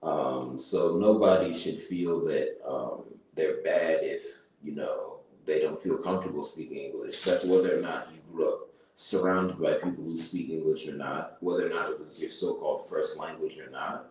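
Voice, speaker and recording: A man's voice: a bass voice, steady tone, normal speed, darkish tone. A man streaming as he thinks aloud and takes notes, rambling and breaking into chanted nonsense syllables. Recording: very echoey room, mic far off, faint noise.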